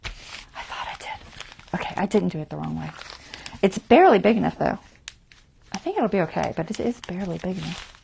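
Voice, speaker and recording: A woman's voice: fairly low pitch, big pitch swings, brisk, gravelly, long pauses, darkish tone, slight background noise. A woman hosting a casual craft tutorial livestream, chatty and self-deprecating, talking herself through each step and muttering half-whispered asides.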